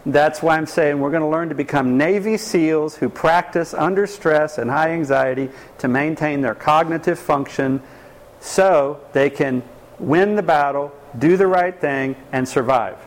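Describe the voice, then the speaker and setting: Animated man lecturing a class. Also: a little high, unhurried, poor audio. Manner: animated, emphatic teaching with rhetorical questions. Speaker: relationship class teacher.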